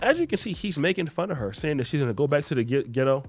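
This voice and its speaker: A man's voice: fairly high pitch, big pitch swings, quick pace, vocal fry, very noisy. A man hosting reaction commentary, explaining clips in a conversational way. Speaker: commentary host. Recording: faint background music.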